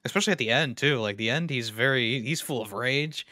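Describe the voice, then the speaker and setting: A man's voice: mid-range voice, a little fast, sharp tone, dry recording, clean studio sound. A man co-hosting a podcast, chatting casually about a movie and circling back to restate his points. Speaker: podcast co-host. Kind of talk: casual movie-discussion chat.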